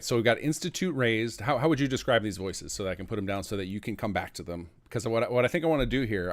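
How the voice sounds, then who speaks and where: A man hosting a modding livestream, chatting casually and enthusiastically with his guest. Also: fairly low pitch. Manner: enthusiastic, organizing. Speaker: stream host, game modder.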